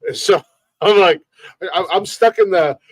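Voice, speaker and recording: A man's voice: high voice, unhurried, husky, no room sound. A man co-hosting a casual comedy podcast, telling stories with lots of swearing and acted-out quotes. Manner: animated storyteller, swears freely, acts out quotes. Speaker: podcast co-host. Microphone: streamed podcast mic.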